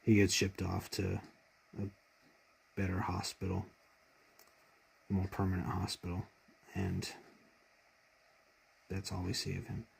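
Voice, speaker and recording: A man's voice: completely flat delivery, a little slow, pauses often. A man retelling a favorite TV episode in casual fan commentary, heartfelt and rambling, choked up with emotion. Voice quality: deep gravelly husky voice.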